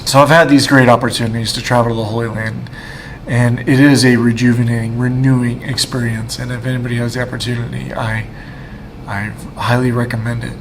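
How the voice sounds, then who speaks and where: A man in his thirties shares a personal faith testimony in a medium-pitched voice. He speaks haltingly and with emotion, often restarting his sentences. Faint noise sits underneath. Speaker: guest speaker.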